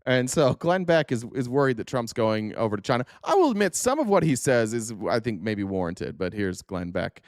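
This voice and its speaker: A man's voice: medium pitch, sing-song, brisk, hardly any pauses, dry recording, studio quality. A man hosting a casual political commentary show, sarcastic and profane, firing off rhetorical questions. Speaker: host.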